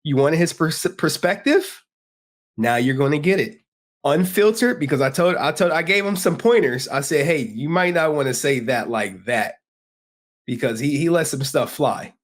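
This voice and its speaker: A man's voice: on the high side, lively intonation, normal speed. Slangy, joking livestream host, a man. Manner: loose, joking, talks straight to chat with slang. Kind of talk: casual livestream chat.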